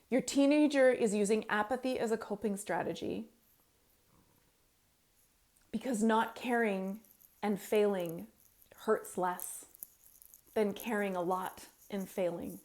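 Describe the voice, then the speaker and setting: A woman coaching parents in an earnest, pleading monologue, with emphatic pauses. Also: medium pitch, darkish tone. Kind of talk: heartfelt advice monologue to parents.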